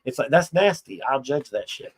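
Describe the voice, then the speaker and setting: A man's voice: mid-range voice, animated, moderate pace, husky, rough recording. A middle-aged man hosting a live chat stream, talking bluntly and profanely in a rambling, casual rant full of restarts.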